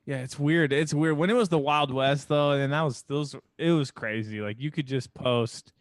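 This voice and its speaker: A man's voice: fairly high pitch, normal speed, no room sound. Man, laid-back podcast co-host, casual storytelling, lots of yeahs, dry close sound. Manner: laid-back, says "yeah" over and over, tells stories with quoted lines. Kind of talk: casual chat.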